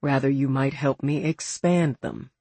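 A narrator voicing a thoughtful, courteous male officer who speaks in a measured way. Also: mid-range voice, steady tone, dark tone, husky, dry recording. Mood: gentle.

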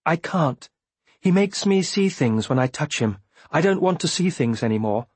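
A fierce, scarred young girl who speaks bluntly and with urgency, as a man puts her on. The voice is lifted above his own and has a husky edge. It comes across dry and close, like a storybook reading. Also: fairly high pitch, lively intonation, normal speed, dry recording, pitched above the performer's own voice. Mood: pleading.

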